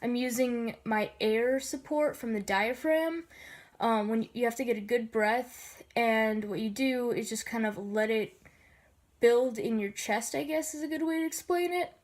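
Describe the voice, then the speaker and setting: A woman with a slightly gravelly low voice, sniffly from allergies, giving a casual voice tutorial with many filler ums. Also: a little slow.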